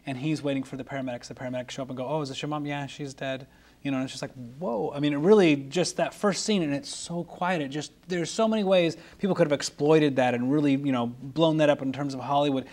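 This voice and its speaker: A man's voice: on the high side, fast, hardly any pauses, a little mellow. A man co-hosting a film podcast, talking casually and enthusiastically with many restarts and asides. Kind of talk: casual film review chat.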